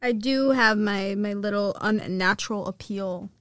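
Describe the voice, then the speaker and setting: A woman's voice: mid-range voice, a little slow, smooth, no room sound, studio quality. A woman playing a tabletop game, playful and giggly. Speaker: player.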